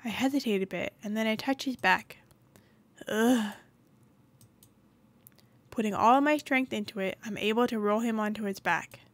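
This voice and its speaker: A woman's voice: on the high side, a little fast, hardly any pauses, a bit bright, no echo. A woman hosting a gaming channel, reading a story game's narration aloud with occasional asides.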